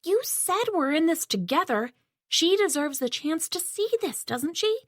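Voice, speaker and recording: A woman's voice: on the high side, fairly quick, fairly bright tone, no echo, studio quality, lightly acted. A woman voicing an eager young man, a younger brother, speaking earnestly and pushing hard in an audiobook. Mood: pleading. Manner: earnest, pushy.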